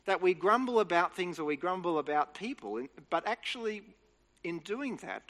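A man's voice: high voice, big pitch swings, moderate pace, a bit bright. A man giving an earnest, explanatory Bible teaching talk, restarting phrases as he goes. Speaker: preacher. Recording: reverberant hall.

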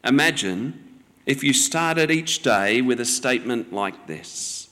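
A male preacher delivers a sermon at a very unhurried pace, leaving space between his phrases. His manner is measured and gently instructive. The voice carries a long reverb, as if it fills a large hall. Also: mid-range voice, expressive.

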